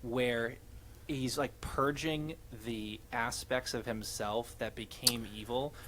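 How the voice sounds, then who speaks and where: A man who runs tabletop games, recalling a campaign story in casual podcast chat, pausing to find his words. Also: medium pitch, steady tone, background noise. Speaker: podcast co-host or guest, game master.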